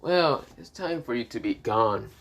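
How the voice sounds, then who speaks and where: A sinister young demon lord gloats over a beaten foe, as a man puts him on. He drags out each phrase in a slow, mocking drawl. He stays smug and cruel throughout this fan-made story. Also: mid-range voice, expressive, a bit bright, highs cut off. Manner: slow, drawn-out mocking delivery.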